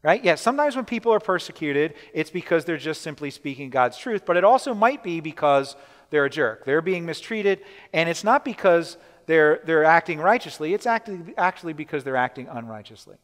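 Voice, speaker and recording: A man preaching a sermon, emphatic, repeating his key points and slowing down to stress them, often checking in with the listeners. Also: on the high side, lively intonation, fairly bright tone. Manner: asks the listeners questions. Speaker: pastor. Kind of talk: sermon teaching. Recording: long hall reverb.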